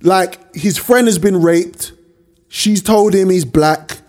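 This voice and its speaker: A man, co-hosting a podcast, telling stories in a slangy, animated way and swearing freely. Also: high voice, slow pace. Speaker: podcast co-host. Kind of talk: casual chat.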